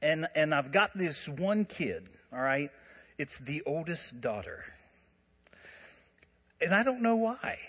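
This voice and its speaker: A man preaching a sermon, telling stories in an animated way with frequent laughter and asides. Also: on the high side, big-room sound. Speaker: pastor.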